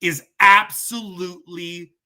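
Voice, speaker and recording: A man's voice: sits high, fairly even intonation, takes it slowly, bright, forceful tone. A man hosting a podcast, a parent and coach delivering a furious, ranting monologue full of punchy repetition. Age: adult, parent. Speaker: podcast host. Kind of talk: angry monologue to camera.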